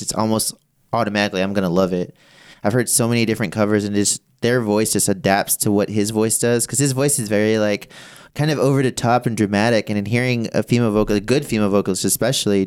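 A young man co-hosting a podcast, talking earnestly in a halting way with many restarts. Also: lowish voice, clear, resonant tone. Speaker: podcast co-host. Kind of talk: casual chat.

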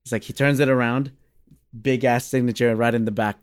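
An Australian bass player in his thirties tells a long story during a relaxed interview, animatedly performing the voices of the people in it. His mid-range voice is brisk and clean, recorded dry and close with no echo.

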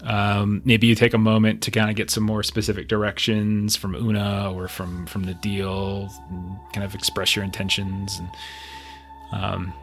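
A man's voice: fairly low pitch, fairly bright tone. A man narrating as game master of a tabletop game, describing scenes in a loose, meandering way with many fillers.

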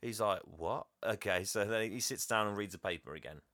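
A podcast co-host in casual chat, retelling a film with rambling asides, acting out the characters' lines. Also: male voice, on the low side, a little fast, pushed and bright, no echo, clean studio sound. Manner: rambling, laughs often, acts out lines.

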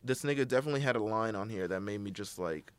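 A man's voice: fairly low pitch, fast talker, clear, resonant tone, dry recording. Young male podcast co-host, casual, profane, jokey, laughs a lot. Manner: loose, profane, joking, laughs often. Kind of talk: casual chat.

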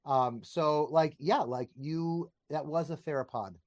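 A man's voice: a little high, measured pace, darkish tone, no room sound. Eager man explaining on a call. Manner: enthusiastic, digressive, laughs while explaining. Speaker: podcast guest, teacher. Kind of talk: casual conversation. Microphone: video call.

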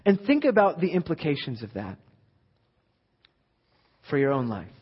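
A young man delivers a sermon in a husky, somewhat high voice, pushing hard when a point lands and dropping low for scripture. The recording is dull and lo-fi, with a long reverb from a large hall. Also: wildly swooping pitch, moderate pace, pauses often. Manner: emphatic, rising to a near-shout at climaxes. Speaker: pastor.

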